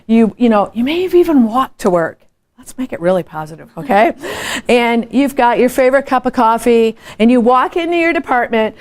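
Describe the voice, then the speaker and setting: List: woman speaker, higher-pitched voice, animated storytelling, rhetorical questions, training seminar. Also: clear, resonant tone. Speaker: workshop speaker. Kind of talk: live motivational training talk.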